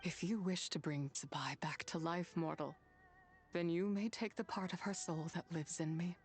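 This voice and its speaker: A woman voicing a solemn female spirit, the leftover wrath of an immortal, in a grave, measured, poetic manner for a game. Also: on the low side, steady tone, darkish tone, faint music behind, close to an everyday voice. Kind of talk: game voice acting.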